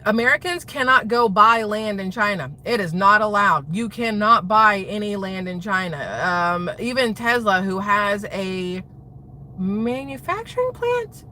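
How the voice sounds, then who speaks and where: A middle-aged woman vlogging casual political commentary, rambling and exasperated, jumping between thoughts as she talks fast. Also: mid-range voice, pushed and bright, a little hiss or hum.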